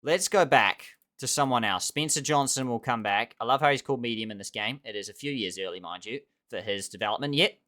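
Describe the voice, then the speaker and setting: A young man giving excitable, animated play-by-play commentary over a cricket management game. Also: medium pitch, fairly quick, hardly any pauses. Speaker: gaming channel host.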